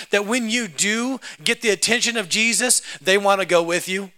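High-voiced, dramatic male preacher. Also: sharp tone. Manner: dramatic, acts out quotes in voices; humorous, laughs at own jokes. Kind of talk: lively sermon.

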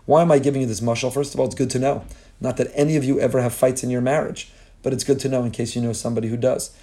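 A man's voice: mid-range voice, steady tone, racing, mellow. A man teaching a Torah lesson in a sermon style, building his points through long repeated lists and mixing in Hebrew phrases. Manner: impassioned, repetitive rhetorical lists.

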